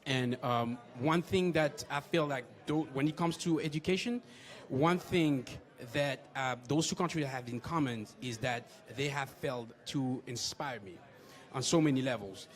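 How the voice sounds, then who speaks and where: A French-accented man, a filmmaker, answering interview questions with many pauses and fillers. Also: mid-range voice. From France. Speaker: filmmaker guest. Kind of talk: casual interview.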